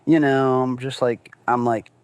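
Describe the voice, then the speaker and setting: A man's voice: medium pitch, fairly even intonation, unhurried, smooth, dry recording. Man casually telling a true story. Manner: loose and conversational, many fillers, swears, acts out quotes.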